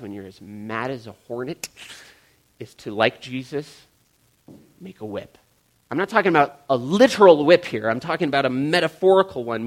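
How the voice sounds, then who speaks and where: A male pastor and parent giving a sermon in a joking, conversational way, often calling his listeners guys. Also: mid-range voice.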